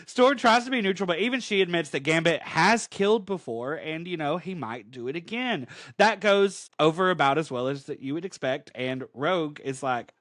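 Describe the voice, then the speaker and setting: A man's voice: on the high side, animated, moderate pace, a bit bright, no echo, clean studio sound. A man co-hosting a podcast, giving a chatty, emphatic comic book recap full of "like". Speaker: podcast co-host.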